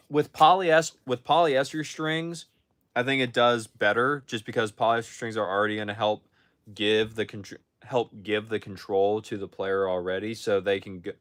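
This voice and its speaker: This young man has a fairly low, slightly bright voice and hosts a casual livestream from his phone, responding to chat questions with frequent restarts and self-corrections.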